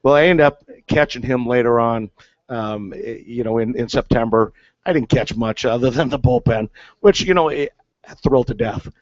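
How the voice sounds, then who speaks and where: A guest who used to catch in the big leagues tells a rambling story at normal speed, starting over often and using lots of fillers. His medium-pitched voice is a little mellow, and the dull, dry, lo-fi audio has no room sound.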